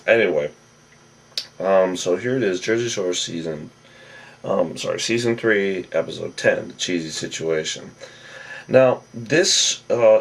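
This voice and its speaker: Male vlogger, rambling casual recap, voice low and husky like late night radio, recorded off-mic. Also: recorded from a distance. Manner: rambling and chatty, wanders off topic. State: voice lower and huskier than usual, like a late night radio host. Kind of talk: casual spoken episode recap.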